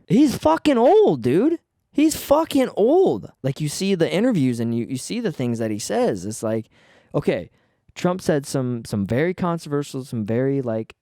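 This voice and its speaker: A man's voice: medium pitch, mellow, no room sound, clean studio sound. Fired-up man ranting on his podcast. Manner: fired-up, swearing, stumbling restarts. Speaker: podcast host. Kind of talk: casual solo podcast rant.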